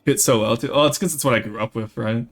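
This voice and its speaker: A man's voice: medium pitch, quick pace, a little hiss or hum. A young man from rural Canada, giving live gameplay commentary and chatting with viewers. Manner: lively, chats with viewers while playing. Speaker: streamer.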